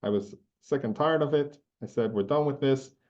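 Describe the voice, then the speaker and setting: Elderly male survivor, bitter and aggrieved, voiced by a man; quiet, low delivery, muffled sound. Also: normal speed, natural voice.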